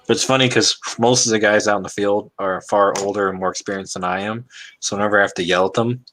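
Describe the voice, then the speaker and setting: A man chatting casually with friends on a stream, blunt and quick to swear, acting out the things people said to him. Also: on the low side, fairly even intonation, fairly bright tone, slight background noise. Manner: blunt, swears often, acts out quoted exchanges. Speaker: model builder on a livestream. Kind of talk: casual chat among friends.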